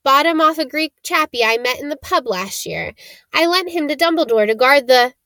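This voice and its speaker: A woman voicing a big gruff half-giant gamekeeper, stubborn and protective, in a storybook reading. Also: sits high, animated, normal speed, fairly bright tone, dry recording, voice pushed up. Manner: gruff and insistent. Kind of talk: reading character dialogue in a storybook.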